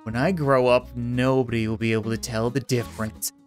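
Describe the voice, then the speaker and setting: A woman voicing an eerie little food creature in a game who speaks slowly and ominously. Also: extremely low pitch, fairly even intonation, darkish tone, faint music behind, voice pushed down.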